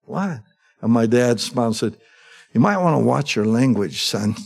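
A middle-aged man preaching in an easy, conversational way. His voice sits at an ordinary pitch, and he keeps turning to his listeners for agreement as he teaches. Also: lively intonation, moderate pace, creaky, a little mellow. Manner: conversational, asks the congregation for agreement. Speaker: pastor. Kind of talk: sermon.

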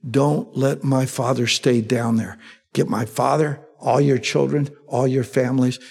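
A male preacher giving a sermon. He reads scripture with rising excitement and adds folksy asides. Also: mid-range voice, measured pace, vocal fry, slightly rough. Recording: long echoey hall reverb.

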